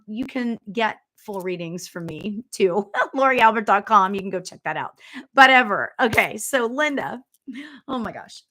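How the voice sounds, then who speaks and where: A middle-aged woman giving a live spiritual reading, chatty and giggly, full of fillers and quick asides, sometimes dropping to a whisper. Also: a little high, pushed and bright. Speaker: spiritual medium. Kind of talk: live reading, casual chat.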